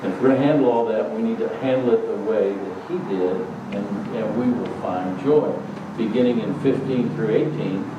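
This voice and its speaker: A male pastor preaching a sermon in a relaxed, conversational storytelling way. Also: lowish voice, moderate pace, noisy background. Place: church sanctuary. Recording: echoey sanctuary, distant dull mic.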